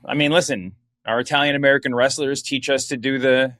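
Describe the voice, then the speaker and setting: A man's voice: medium pitch, fairly even intonation, brisk, a bit bright, no echo. Young texas guy hosting a podcast, rambly and jokey, dry close mic. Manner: rambling, joking, many restarts. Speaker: podcast host. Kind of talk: casual chat.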